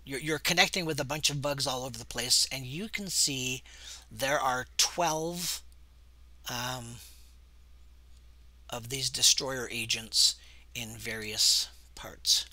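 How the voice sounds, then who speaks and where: Guy running a tabletop game, unhurried narration, lots of pauses, crisp bright tone. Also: mid-range voice. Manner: relaxed, hesitant narration. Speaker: game master.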